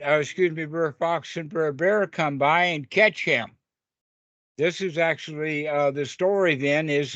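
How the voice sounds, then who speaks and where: A man's voice: on the high side, a bit bright, no echo, muffled recording. Folksy man teaching over a call. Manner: rambling, folksy, with frequent fillers. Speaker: meditation teacher. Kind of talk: informal Dharma talk and storytelling. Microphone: video call.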